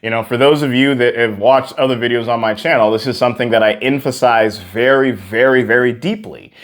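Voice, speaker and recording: A young man teaching a singing warm-up, talking earnestly and repeating words for emphasis. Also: mid-range voice, brisk. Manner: earnest, repetitive, encouraging. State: out of breath after exercises. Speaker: vocal coach. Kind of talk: singing lesson with demonstrations. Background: piano.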